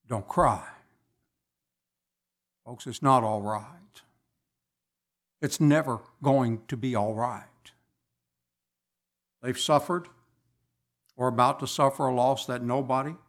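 Speaking at a middling pitch, a male preacher moves through his sermon at an unhurried, drawn-out pace. He pauses deliberately between phrases and keeps his intonation fairly even.

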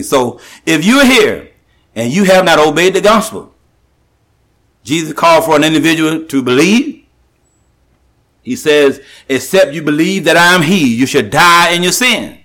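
Lively high-voiced man preaching a sermon. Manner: emphatic, repetitive, with halting restarts; slows and rises to stress scripture.

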